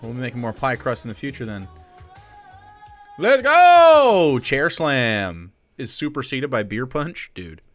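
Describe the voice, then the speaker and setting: A man streaming live, chatting casually and breaking into excited shouts. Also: medium pitch, moderate pace, hardly any pauses, dry recording, faint music behind. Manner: excitable, swings into loud shouts.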